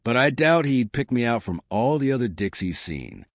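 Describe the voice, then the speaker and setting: A man's voice: medium pitch, very animated, normal speed, dry recording, studio quality. A man voicing a brash, middle-aged American private detective who talks bluntly and plainly. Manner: blunt and folksy.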